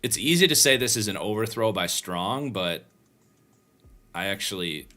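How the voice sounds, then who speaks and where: A man's voice: fairly low pitch, animated, normal speed, bright, forceful tone, soft background music. A tired man hosting a livestream, casually breaking down football game film and thinking aloud with frequent restarts. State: tired, yawning. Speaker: host and football draft analyst.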